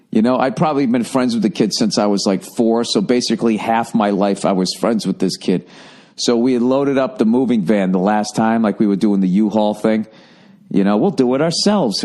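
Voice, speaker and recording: A man's voice: on the low side, darkish tone. A man in his forties, a comedian hosting his podcast, telling a rambling, profane story in a sarcastic, casual monologue. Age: 40s.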